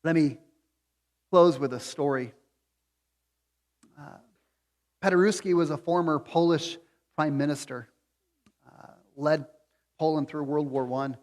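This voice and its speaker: A man preaching a sermon as pastor, moving between quiet reflection and loud, pleading appeals. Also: on the high side, steady tone, a little slow, long pauses, in a large hall. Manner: swings from hushed to near-shouting pleading. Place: church sanctuary.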